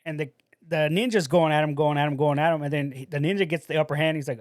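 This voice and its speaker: A man co-hosts a podcast in casual chat, retelling a story with animated energy. He acts out the quotes and drops "bro" into his talk. His voice sits slightly high and the sound is close and dry. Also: quick pace, dry recording. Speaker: podcast co-host.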